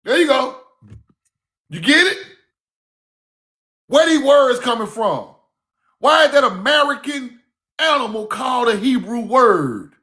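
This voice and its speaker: A man giving a casual, fiery online lecture, cussing freely, repeating himself and shouting key words. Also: very high-pitched, animated, unhurried, pauses often. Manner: laughs at own points.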